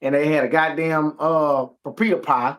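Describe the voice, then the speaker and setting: A man's voice: fairly high pitch, normal speed. A man co-hosting a casual talk show, ranting emphatically and swearing a lot. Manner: emphatic, profane, animated ranting. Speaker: podcast co-host. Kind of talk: heated casual discussion.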